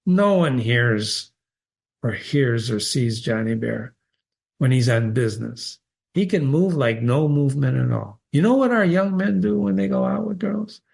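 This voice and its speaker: A man voicing a calm small-town farmer. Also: medium pitch, a little slow, vocal fry, breathy edge, full character voice. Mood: confiding.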